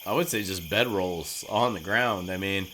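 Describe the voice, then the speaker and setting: A man's voice: low-pitched, normal speed, sharp tone, slight background noise, rough recording. A man playing a tabletop game, rambling and joking with lots of fillers. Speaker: player. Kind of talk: casual tabletop game play.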